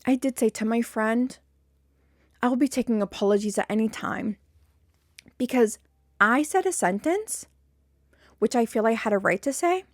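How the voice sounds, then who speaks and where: A woman's voice: a little high, animated, moderate pace, long pauses, no echo, clean studio sound. A young woman hosting a podcast, venting a long story to her listeners, indignant and repeating herself, rising to exasperated peaks. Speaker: podcast host.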